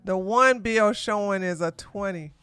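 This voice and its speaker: A woman hosting a live political commentary stream, animated and sarcastic, exclaiming and talking to her chat. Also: medium pitch, measured pace, clear, resonant tone, no room sound, faint music behind. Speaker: podcast host.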